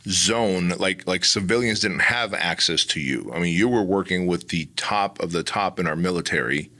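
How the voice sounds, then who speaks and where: Man, podcast host, low voice, forceful tone, short questions. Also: moderate pace. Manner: short prompts and agreeing interjections. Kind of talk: interview questions.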